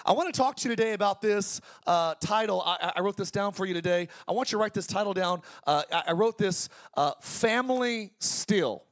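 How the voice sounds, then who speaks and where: A man in his forties preaching a sermon as pastor, energetic and conversational, with jokes. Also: high voice, fast, few pauses. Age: 40s.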